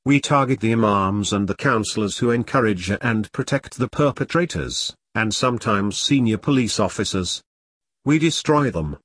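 A man's voice: lowish voice, animated, normal speed, a bit bright, slightly rough, no room sound, studio quality. A man voicing a fierce, one-armed woman who is an ex-soldier and activist, talking bluntly and defiantly in an audiobook. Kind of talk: audiobook character reading.

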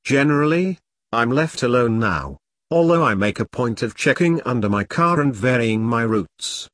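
A man's voice: medium pitch, expressive, moderate pace, fairly bright tone, dry recording, lightly acted. A man voicing a fierce, one-armed woman who is an ex-soldier and activist, talking bluntly and defiantly in an audiobook. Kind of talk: audiobook character reading.

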